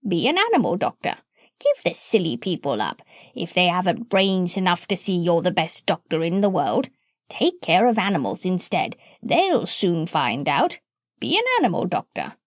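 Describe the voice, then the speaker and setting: A woman's voice: fairly low pitch, sing-song, moderate pace, no room sound, studio quality. Woman doing a proud bossy parrot. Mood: lecturing. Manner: lecturing, knowing, squawks bird calls. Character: proud clever female pet parrot, bossy.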